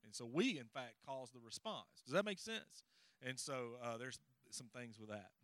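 Middle-aged man, folksy seminar co-presenter, crisp voice, dry close sound. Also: mid-range voice, expressive, normal speed, a bit bright, no echo. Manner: folksy, rambling, audience check-ins. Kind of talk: conversational teaching with personal stories.

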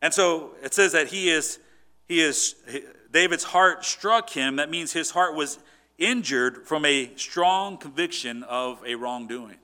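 A man's voice: a little high, a little slow, sharp tone. A man preaching a sermon in an earnest, conversational way, often restarting his sentences. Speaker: pastor.

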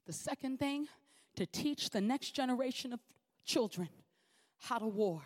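A woman preacher delivers her sermon with a high voice. She drives her points home through repetition and a strong, emphatic cadence. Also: expressive, moderate pace.

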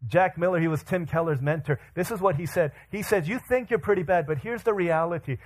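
Telling stories from the pulpit, a man in his thirties brings his sermon to life by voicing the quoted characters. He pastors with a voice that sits high, at a moderate pace with few pauses.

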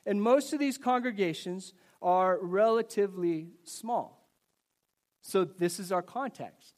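High-voiced pastor preaching. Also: male voice, slow. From United States. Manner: conversational, animated storytelling preacher. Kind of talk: sermon with personal stories. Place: church service before a congregation.

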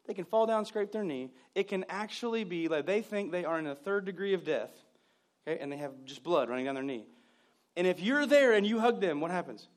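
A man preaching a sermon, joking with the congregation and acting out scenes, swinging from loud outbursts to hushed asides. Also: sits high, brisk. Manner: animated and joking, acts out scenes. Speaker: pastor.

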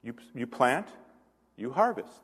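A man's voice: mid-range voice, very animated, unhurried, fairly bright tone, breathy edge, big-room sound. A male pastor preaching a conversational sermon, asking the congregation questions and adding self-deprecating asides.

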